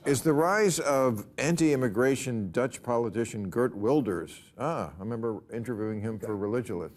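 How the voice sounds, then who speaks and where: A man's voice: medium pitch, lively intonation, normal speed. A man hosting a panel discussion in a TV studio, with a dry, wry conversational manner. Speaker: talk show host.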